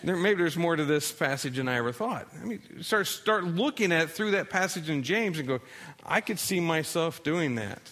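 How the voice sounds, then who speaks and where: A man preaching a sermon, telling a story with energy, rising loud and dropping soft, and acting out the voices of the people in it. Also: fairly high pitch, fairly quick, hardly any pauses. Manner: animated storytelling, acts out voices, rises loud then drops soft. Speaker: pastor.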